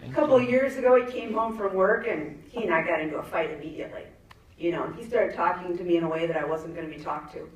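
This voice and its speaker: A woman's voice: lowish voice, fast talker, slight background noise. A woman in her fifties doing a chatty stand-up set, laughing at her own jokes and asking the crowd questions. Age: 50s. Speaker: stand-up comedian. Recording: echoey venue, mic far off, faint ambience.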